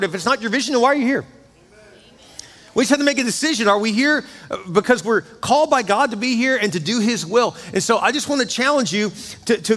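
A middle-aged man delivers a sermon in a high, light voice. His preaching is chatty and lively, and he keeps addressing the congregation directly. The sound rings with the long reverb of a large church hall. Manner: conversational, energetic preaching with asides to the congregation. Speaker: pastor. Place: church sanctuary.

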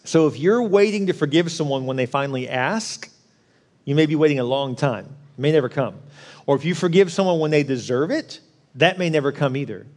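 A man's voice: a little high, expressive, fairly quick, darkish tone. A man preaching a sermon, telling a story earnestly and with emphasis before urging listeners to pray and forgive. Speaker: pastor.

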